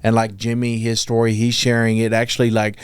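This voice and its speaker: A male podcast host sums up his guest's story in a slow, measured interview style. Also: mid-range voice, monotone, smooth, dry recording.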